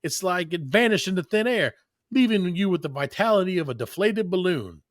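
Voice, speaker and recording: A man putting on the voice of an overeager male pitchman, reading a supplement ad in a hammy, salesy way. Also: big pitch swings, normal speed, fairly bright tone, dry recording, studio quality. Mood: hyped.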